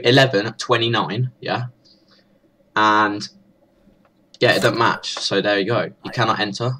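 A man's voice: on the low side, steady tone, unhurried, long pauses, pushed and bright, slight background noise. A young man hosting a let's play, talking crudely and mockingly at the characters in the game. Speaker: gaming channel host.

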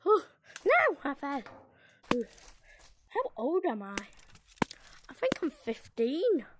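A woman's voice: high voice, sing-song, slow pace, background noise. A woman playing a game and narrating her own moves in a playful, sing-song way. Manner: playful, sing-song, breaks into shrieks and giggles.

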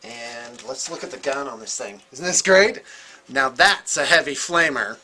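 Male studio host for a hobby vlog: chatty, excitable, bright voice, average pitch. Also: unhurried. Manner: excitable and rambling, chuckles often. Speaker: host of a miniature painting studio channel. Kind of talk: casual show-and-tell vlog. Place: indoor painting studio.

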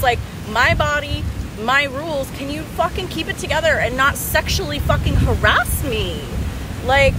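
A woman vlogging outdoors on a beach, talking heatedly and profanely into a handheld phone camera. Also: high voice. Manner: heated, profane, fast ranting. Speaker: travel vlogger. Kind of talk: angry vlog to camera. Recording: loud outdoor background noise.

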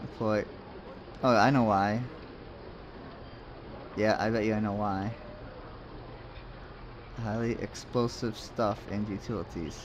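A man's voice: lowish voice, fairly even intonation, slow pace, long pauses, background noise. A man casually commenting as he plays a game, rambling and muttering to himself with jokes along the way. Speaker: let's play host.

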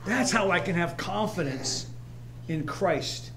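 A man's voice: sits high, expressive, slow, over a noisy crowd. A man pastor preaching a sermon in a church, emphatic and repetitive, weaving in personal stories. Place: church sanctuary, streamed live.

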